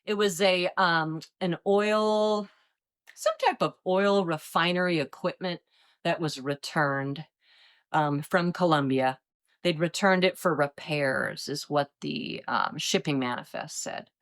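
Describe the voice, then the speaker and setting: Woman, fifties, from Iowa, retired agent, interview storytelling, slightly low pitch, animated. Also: takes it slowly. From Iowa, United States. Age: 50s. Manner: animated, acts out quoted voices. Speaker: retired DEA agent, guest.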